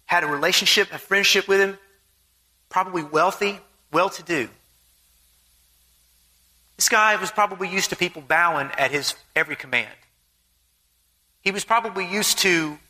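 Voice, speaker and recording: A man delivers a sermon in a very bright, sharp, high-pitched voice. He reads scripture aloud, then explains it in an earnest, plain manner, with an occasional throat-clear. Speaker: preacher.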